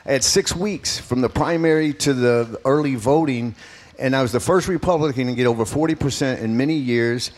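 A man's voice: mid-range voice, a little fast, a little mellow. A man in his fifties, an earnest and emphatic political candidate answering questions as a radio interview guest.

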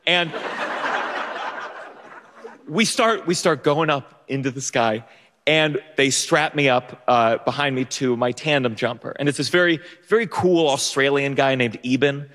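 A young man telling a self-mocking story live on a theater stage, animated and jumping into loud outbursts. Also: medium pitch, a little slow. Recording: long hall reverb.

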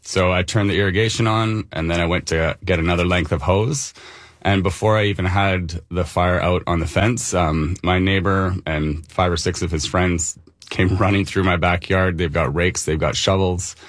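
A very deep-voiced man in his thirties, from Canada, talks a radio host through his story. He speaks casually, with plenty of ums and a light chuckle now and then. The sound is dry and close. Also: fairly even intonation, moderate pace, no echo. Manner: conversational, with fillers and light laughs. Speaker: local resident interviewed. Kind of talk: phone-in radio interview.

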